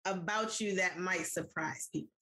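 A woman's voice: on the low side, normal speed, bright, forceful tone. A woman co-hosting a podcast in casual chat, talking straight to her listeners. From United States. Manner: chatty, addresses listeners directly. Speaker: podcast co-host.

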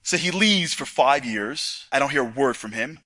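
A man telling a story to an audience, animated, acting out dialogue with casual asides. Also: medium pitch, normal speed, no room sound. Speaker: speaker. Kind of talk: storytelling talk.

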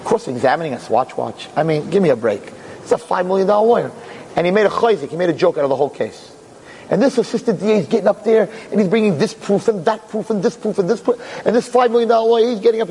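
A man telling a story with lively energy, acting out each character as he goes. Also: sits high, fast, a little hiss or hum, low-quality recording. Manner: lively, acts out every character. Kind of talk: animated storytelling.

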